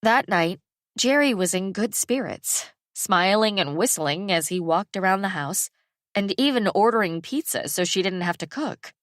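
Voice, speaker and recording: In a mid-range voice, a woman narrates an audiobook from a script, keeping her storytelling measured and even. The recording is studio quality with no room sound.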